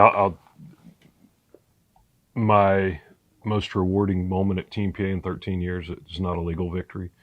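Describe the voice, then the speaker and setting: Very deep-voiced earnest male storyteller. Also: no room sound, muffled recording. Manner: earnest, plain-spoken storyteller. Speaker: podcast guest. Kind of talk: personal storytelling in a chat.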